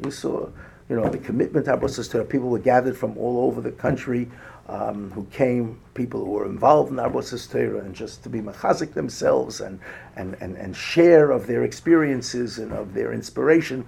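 Older man, very gravelly voice, halting rabbinic lecture, faint hiss. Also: mid-range voice, darkish tone. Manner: halting, many restarts and fillers; rising emphasis on lists. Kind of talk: Torah lecture. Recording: faint background noise.

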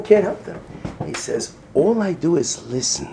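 A middle-aged man giving a sermon-style lecture, moving between hushed whispers and loud, emphatic lines. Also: fairly high pitch, lively intonation, brisk, creaky, a little hiss or hum. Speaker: rabbi.

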